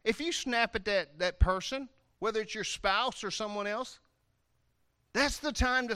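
High, bright-voiced playful preacher man. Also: unhurried, smooth, no echo. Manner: lively, playful, swings from loud outbursts to quiet asides. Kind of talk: animated sermon.

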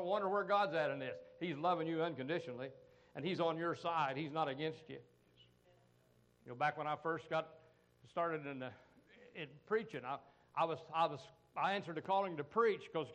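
Folksy preaching man, fairly high voice. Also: a little fast, fairly bright tone, rough recording. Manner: folksy, call-and-response asides, frequent "amen" and "come on". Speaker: pastor. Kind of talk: sermon.

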